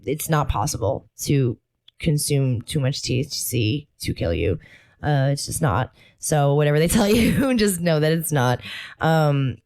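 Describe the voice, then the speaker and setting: A woman's voice: sits low, animated, unhurried, a little mellow. A young adult woman co-hosting a podcast in casual chat, giggly and rambling, often laughing mid-sentence. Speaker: podcast co-host.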